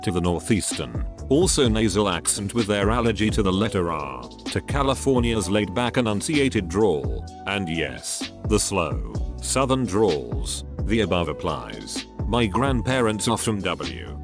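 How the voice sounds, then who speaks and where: A man with a lowish voice reads out online comments as a narrator, his pitch rising and falling widely from line to line. He spells out acronyms letter by letter in an unhurried read. Music plays clearly underneath him. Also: big pitch swings. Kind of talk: reading online comments aloud.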